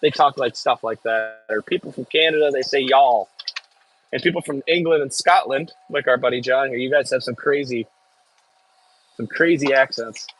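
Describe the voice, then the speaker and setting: A farm worker from the Midwestern United States live-streams from an excavator, chatting casually in a Midwestern accent and reading viewer comments aloud with jokey asides. His voice is mid-range and fairly bright, at a normal speed, on a rough recording.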